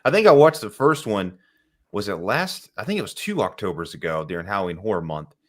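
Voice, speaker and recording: A man's voice: fairly low pitch, expressive, brisk. A man co-hosting a casual live stream, laid-back and trailing off with fillers. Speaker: co-host of a movie watch party stream.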